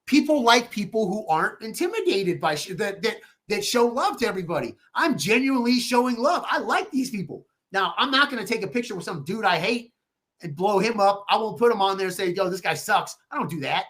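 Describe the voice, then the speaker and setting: High-pitched, animated man. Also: fairly quick. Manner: animated storyteller, swears freely, quotes people in lively put-on voices. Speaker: podcast guest, real estate agent. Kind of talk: casual podcast interview.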